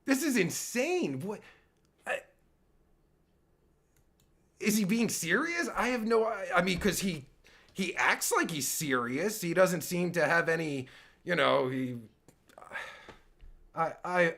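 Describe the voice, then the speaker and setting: Gravelly high-voiced man ranting. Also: animated, measured pace, pauses often, a bit bright. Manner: exasperated, stammering, sarcastic. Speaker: podcast host reacting to a clip. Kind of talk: profane livestream rant.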